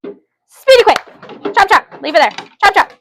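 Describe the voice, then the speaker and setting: A woman teaching a phonics lesson to young students in a classroom, loud and energetic, calling on children by name. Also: extremely high pitch, a little slow, slight background noise.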